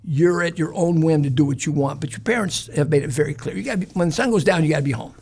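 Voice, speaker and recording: Guy, gravelly and a bit husky, rambling street stories in an interview. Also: a little high, quick pace, a little mellow. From Chicago. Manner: rambling, streetwise storytelling with fillers. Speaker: interview guest. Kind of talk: casual storytelling interview.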